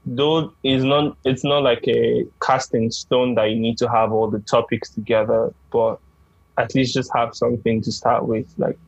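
A man's voice: mid-range voice, level tone, normal speed, creaky, slightly rough, no room sound. A man guest on a podcast, explaining at length in a friendly casual chat. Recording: dull, dry sound.

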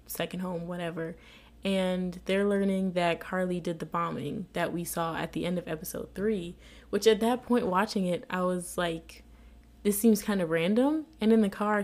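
A woman giving a chatty, expressive recap of a TV episode, laughing often as she talks. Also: lowish voice, moderate pace. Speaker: TV episode reviewer.

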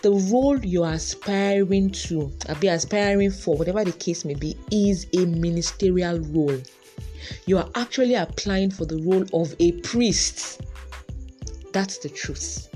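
A woman's voice: fairly low pitch, mellow. A woman with a Nigerian accent hosting a casual podcast monologue, chatty and musing aloud, dropping in Yoruba and pidgin words. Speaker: podcast host.

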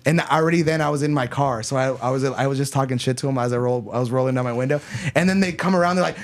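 A man co-hosting a podcast, telling a story in casual chat, animated and profane, laughing often. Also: mid-range voice, rapid-fire. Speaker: podcast co-host.

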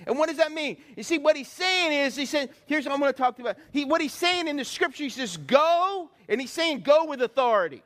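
A man with a high, bright voice preaches a lively sermon. He acts out little voices and shouts, then drops low and quiet. He keeps calling out to the congregation for answers. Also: quick pace, hardly any pauses. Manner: animated preaching with acted-out voices and call-and-response. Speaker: pastor.

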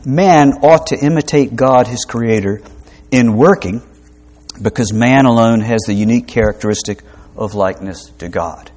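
A man's voice: medium pitch, moderate pace, a little mellow. Man preaching in a conversational teaching tone. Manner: conversational teaching with asides and humor; frequent fillers and restarts, rhetorical questions. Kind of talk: sermon.

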